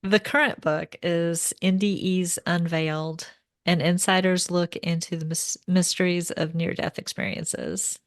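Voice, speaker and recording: A woman host of an interview podcast, speaking in short supportive replies and tidy wrap-up questions. Her voice sits a little low for a woman. The sound is dry and close, with no room echo. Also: fairly even intonation, unhurried. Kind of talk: casual interview chat.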